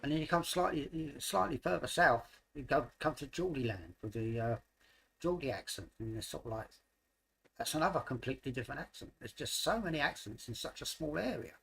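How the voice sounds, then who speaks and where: A man's voice: medium pitch, expressive, fairly quick, creaky, fairly bright tone, slightly rough. A middle-aged man from London with a London accent, chatting casually on a livestream and rambling with lots of fillers. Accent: London English. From London, England. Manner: rambling, hesitant with many fillers. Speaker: livestream host. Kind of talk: casual chat.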